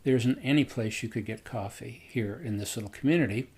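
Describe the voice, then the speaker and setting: A man voicing a friendly village husband who speaks loudly and emphatically. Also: mid-range voice, a little fast, husky. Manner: loud, emphatic.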